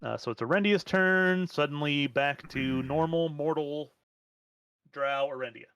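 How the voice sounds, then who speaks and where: A man's voice: a little high, measured pace, fairly bright tone, smooth, dull audio. A man running a tabletop game as game master, making plain rules calls with a few fillers.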